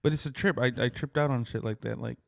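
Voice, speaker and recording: A man's voice: mid-range voice, quick pace, gravelly, no echo, studio quality. Laid-back rambling man co-hosting a podcast. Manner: rambling, swears freely, heavy use of "like". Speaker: podcast co-host. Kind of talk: casual chat.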